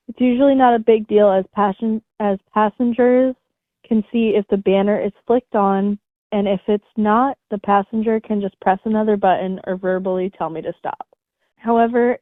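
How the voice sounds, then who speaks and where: A woman's voice: mid-range voice, no room sound. Woman reading stories over phone-like audio. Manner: reads steadily with light laughs and asides. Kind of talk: casual chat, reading stories aloud.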